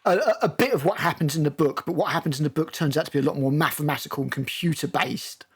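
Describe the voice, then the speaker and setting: A British-accented man hosts a casual film discussion, talking fast in a fairly high voice with a breathy edge. He recaps scenes at length, with many ums and restarts.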